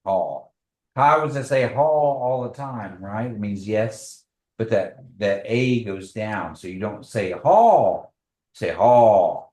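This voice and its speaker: A man teaching a language class, speaking slowly and patiently, repeating phrases for the group. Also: lowish voice, lively intonation, darkish tone.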